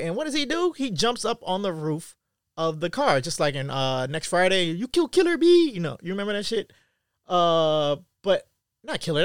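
Animated man ranting in a dry room. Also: no echo. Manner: animated, swings between loud outbursts and low mutters. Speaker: commentator. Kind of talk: casual profane commentary monologue.

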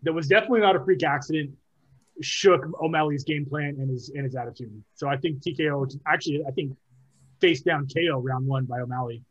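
A man's voice: a little high, a little fast, muffled recording. A man talking casually about fight picks, rambling with many ums, restarts and laughs. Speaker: podcast co-host, called Director. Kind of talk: casual MMA picks chat.

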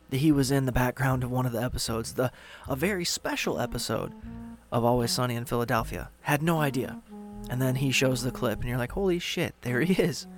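A man hosting a solo podcast into a studio microphone, casual, rambling and sarcastic. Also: medium pitch. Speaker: podcast host.

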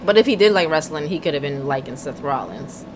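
A woman's voice: low voice, expressive, quick pace, noisy background. Blunt young woman chatting casually. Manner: blunt, laughs often, slangy asides. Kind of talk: casual chat.

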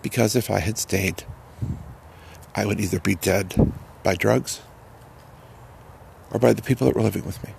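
A man telling a personal testimony in a halting, earnest way, repeating words as he goes. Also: lowish voice, creaky, a little mellow, a little hiss or hum. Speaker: person sharing a recovery story.

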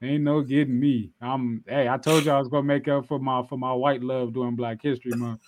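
A young man co-hosts a wrestling podcast, his medium-pitched voice holding a level tone at a slightly quick pace over faint background noise. He's laid-back and playfully teasing in the casual banter, and he tends to repeat himself.

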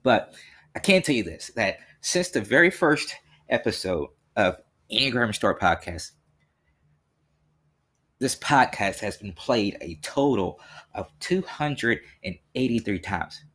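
A man's voice: fairly low pitch, very animated, measured pace, a bit bright. Rambling young male podcast host. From Tennessee. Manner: rambling, earnest, many fillers and restarts. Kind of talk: solo podcast monologue.

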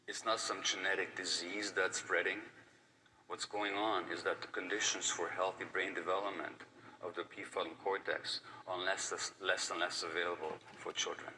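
An older man lectures in a very low voice with a bright, forceful edge. He sounds earnest and emphatic and often repeats his main points. He is picked up from a little way off the mic, with faint noise behind him. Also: level tone, moderate pace, distant mic, rough recording. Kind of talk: conference talk.

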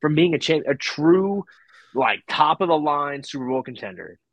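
A man's voice: a little high, lively intonation, moderate pace, no echo. A man co-hosting a casual sports podcast, arguing his points with folksy sayings. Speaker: podcast co-host.

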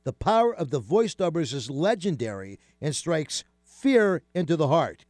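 A man hosting a casual radio talk show, chatty and animated, with many fillers and restarts. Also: a little high, moderate pace, no room sound, studio quality, faint music behind.

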